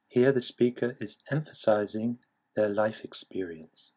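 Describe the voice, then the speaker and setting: A man narrates an English grammar lesson from a script. His voice sits a little low and has a husky edge. He explains each point at a measured, even pace. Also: rough recording. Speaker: English teacher.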